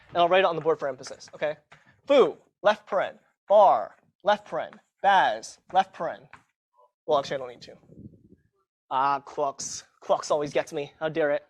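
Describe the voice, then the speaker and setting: This lecturer's voice is a little high and animated, moving at a normal speed as he teaches a live university class in a lecture hall. He jokes at his own expense, stays casual, and often adds "okay?" to check on the students.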